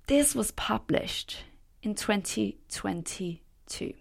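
A middle-aged woman hosting a solo podcast as a leadership coach, talking earnestly and passionately, with soft laughs and breathy asides. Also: medium pitch, expressive, slow pace, in a whisper. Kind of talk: reflective solo podcast talk.

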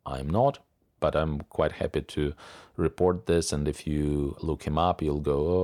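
Middle-aged man, very deep bass voice, dry close recording, measured and opinionated commentary. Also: a little mellow, dry recording. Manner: deliberate and opinionated, often repeats words as he talks. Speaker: commentator reviewing media sources. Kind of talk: unscripted monologue commentary.

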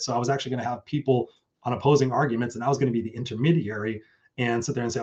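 A man's voice: medium pitch, steady tone, racing, darkish tone, dull audio. A man hosting his own live stream, talking casually and effusively with some swearing, and reading out chat comments. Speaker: host.

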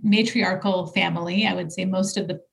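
A woman's voice: lowish voice, fairly even intonation, a little fast, creaky. A woman guest and leadership coach in a conversational interview, talking thoughtfully with frequent fillers and restarts. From United States.

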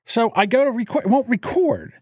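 A man co-hosting a podcast, telling animated stories in casual chat and acting out the people in them. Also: very high voice, a little fast, husky, dry recording, clean studio sound. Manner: animated storyteller, acts out voices in anecdotes. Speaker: podcast co-host. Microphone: studio mic through a mixer.

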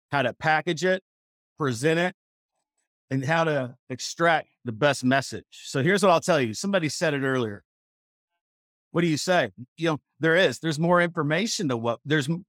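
A man's voice: medium pitch, a bit bright, dry recording, studio quality. A man from Missouri coaching real estate agents at a seminar, emphatic and repetitive, often restarting his sentences. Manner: emphatic, repetitive, self-correcting. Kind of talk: seminar teaching. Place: seminar room.

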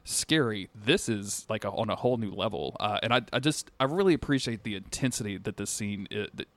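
A man with a low voice co-hosts a podcast, recapping an episode in loose, animated chat. He slips into the characters' lines and swears casually. The sound is dry and close to the mic. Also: fairly quick, no echo. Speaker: podcast co-host.

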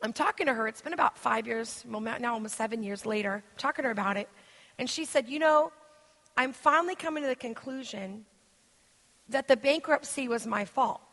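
A woman from the United States preaches to a church crowd in a loose, rambling way, stacking stories with "like" and "you know." Her voice sits high and sounds bright and lively. The long reverb of a big church hall trails behind each line. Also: brisk. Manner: chatty, rambling storytelling with many fillers. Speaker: guest minister. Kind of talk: interactive sermon teaching.

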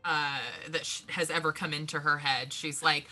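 A woman's voice: low voice, flat delivery, moderate pace, few pauses, pushed and bright. A woman playing a tabletop game, rambling with lots of fillers. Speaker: player. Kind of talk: tabletop game play, casual.

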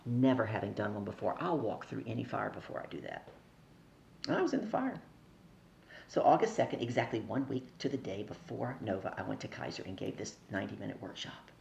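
A woman's voice: a bass voice, vocal fry, a little mellow, a little hiss or hum. A middle-aged woman, a podcast guest, telling a story in conversation and acting out the people she quotes.

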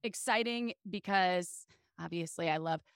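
A woman guest on a podcast, telling candid stories in a raspy voice, open and animated in a casual chat. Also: on the low side, unhurried, no room sound, clean studio sound.

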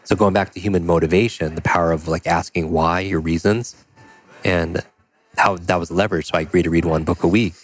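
Man, deep voice, rapid delivery, animated storytelling, interview guest. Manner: quick, animated storytelling with many "like" and "you know" fillers. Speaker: podcast guest.

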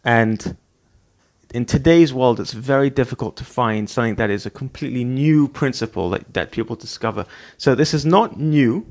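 Middle-aged guy talking earnest self-help stuff, repeats himself a lot, mid pitch. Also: normal speed, darkish tone. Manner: earnest, repetitive, acts out scolding parent voices. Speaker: podcast host. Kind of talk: motivational monologue.

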